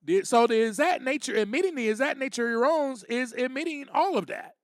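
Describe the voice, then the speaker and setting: Animated high-voiced man, lively podcast host. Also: fairly quick, dry recording, clean studio sound. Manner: animated, repeats phrases, acts out quotes. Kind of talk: personal recovery talk.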